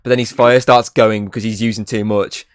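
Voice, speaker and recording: A man's voice: on the low side, level tone, brisk, dry recording, studio quality. A man hosting a casual film review podcast, rambling and leaning on filler words and restarts. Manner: rambling, leans on "obviously" and restarts.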